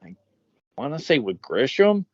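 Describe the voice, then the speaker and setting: Halting man, dry dull sound. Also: medium pitch, big pitch swings, no echo. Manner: halting, filler-heavy, lots of "like" and "you know". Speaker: podcast co-host. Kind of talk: casual review chat.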